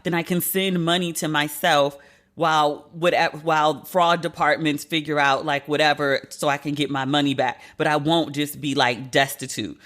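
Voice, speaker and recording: Bright-voiced woman podcast host venting. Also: low voice. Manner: animated, profane venting. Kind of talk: solo podcast monologue.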